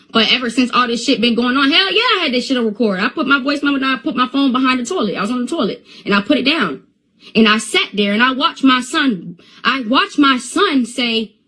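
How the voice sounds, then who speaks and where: A woman's voice: a little high, fairly bright tone, breathy edge, rough recording. A young woman on a phone live stream, talking in an agitated rant that stammers and repeats itself.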